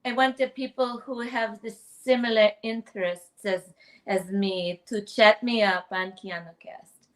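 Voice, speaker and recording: A woman voicing her own prim, chatty alter ego with a vague put-on accent, introducing herself slowly and formally like a personal ad. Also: mid-range voice, steady tone, lightly acted. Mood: prim, sociable.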